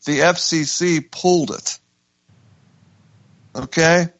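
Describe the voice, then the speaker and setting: A man's voice: on the high side, takes it slowly, a bit bright, no room sound. A man hosting a radio talk show, telling a story with emphatic restarts. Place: radio studio.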